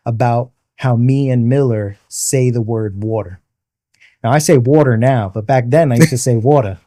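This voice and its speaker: A man's voice: mid-range voice, warm tone, no room sound, studio quality. A man, a podcast guest and military veteran, telling a personal story in vivid detail and patiently explaining military terms. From the Bronx, New York.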